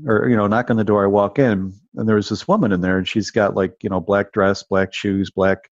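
A low-pitched man in his fifties spins a casual, rambling story, stumbling over restarts and leaning on filler words. The recording is dull and lo-fi, with a dry, close sound and no room around it. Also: fairly even intonation, fairly quick, no echo. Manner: rambling, restarts and repeats words, lots of "you know" and "like". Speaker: guest telling personal stories.

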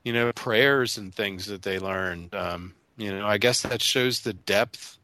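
A man co-hosting a casual discussion, talking haltingly with many restarts and "you know"s. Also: lowish voice, bright, forceful tone, a little hiss or hum.

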